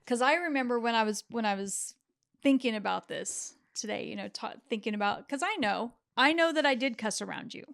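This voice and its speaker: Middle-aged woman, therapist host, fairly high voice, reflective storyteller, restarts often. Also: lively intonation, a little fast, vocal fry, fairly bright tone. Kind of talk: casual podcast chat.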